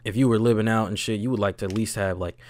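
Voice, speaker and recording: A young man telling a story in casual chat, animated and slangy, swinging between loud and low. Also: fast, no room sound. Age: young adult.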